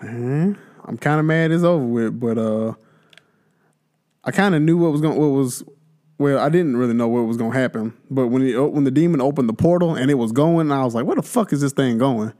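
A man's voice: medium pitch, a little fast, mellow. A man co-hosting a podcast in casual chat, laid-back with profane banter. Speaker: podcast co-host.

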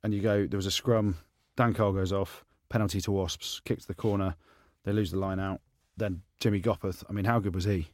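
A man co-hosting a podcast in casual chat, animated and teasing, his voice jumping high when he is incredulous. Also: a little fast, few pauses, no echo, clean studio sound. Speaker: podcast co-host, former rugby player.

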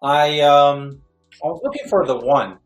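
A middle-aged man, a guest actor, telling a lively story and acting out quotes with jumps in pitch. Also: unhurried, faint music behind. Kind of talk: animated storytelling. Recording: roomy echo.

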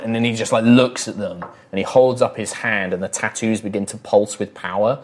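A man narrating as game master of a tabletop game, in a relaxed style full of fillers. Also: on the low side, a little fast.

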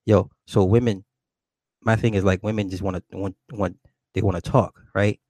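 Low-voiced man chatting loosely on stream. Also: moderate pace, no echo. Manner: loose, profane, rambling, answers chat questions aloud; animated, jumps up in pitch when greeting viewers. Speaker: livestream host reading chat. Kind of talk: casual livestream chat.

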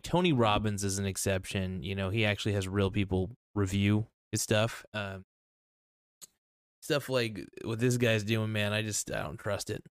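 A man's voice: on the low side, no room sound, studio quality. A man giving casual reaction commentary in a blunt, rambling way, swearing freely and restarting his sentences.

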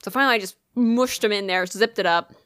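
A woman's voice: medium pitch, fast talker, clean tone, no room sound, studio quality. A woman telling a long story in casual chat, swearing freely and acting out what people said. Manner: animated storytelling, frequent swearing, acts out quoted dialogue.

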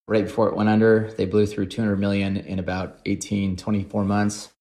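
A man's voice: on the low side, level tone, fairly quick, mellow. A man in his forties, a podcast guest, telling self-deprecating stories about his career in a casual, wry way. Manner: wry, self-deprecating anecdotes with acted-out quotes. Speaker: podcast guest, private equity investor. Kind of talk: casual storytelling.

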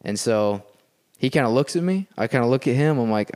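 Speaking a little fast in a mid-range voice, a man guests on a podcast from a house. He tells a story casually and animatedly, regularly checking in with listeners with an "okay?"

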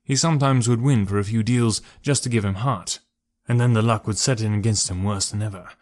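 A man narrating a first-person story for an audiobook in a measured, even way. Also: on the low side.

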